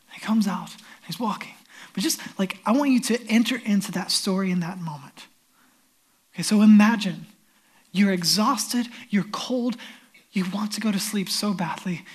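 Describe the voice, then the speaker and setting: A man's voice: high-pitched, slightly rough. A male pastor preaching a sermon and retelling a scripture story vividly.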